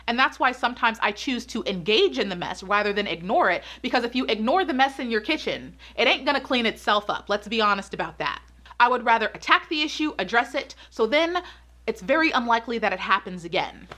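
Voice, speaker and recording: A woman's voice: fairly high pitch, animated, fairly quick, bright, forceful tone. A woman giving opinionated vlog commentary, emphatic and repeating her points as she gets worked up. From United States. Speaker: pageant commentary YouTuber.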